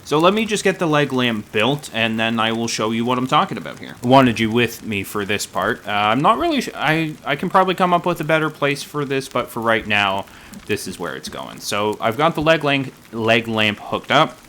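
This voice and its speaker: A man's voice: mid-range voice, very animated, moderate pace, bright, forceful tone, a little hiss or hum. A man giving casual, rambling gameplay commentary, self-deprecating and full of dad jokes. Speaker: gaming YouTuber.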